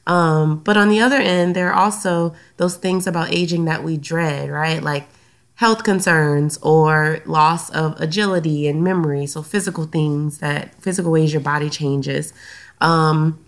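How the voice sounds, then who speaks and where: A woman's voice: deep voice, fairly even intonation, unhurried. A woman with a Southern US accent hosting her own podcast in casual chat, slightly stuffy from a recent sinus infection, with frequent "um"s. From Louisiana, US. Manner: chatty, many "um" fillers. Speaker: podcast host and counselor. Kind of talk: casual solo podcast talk.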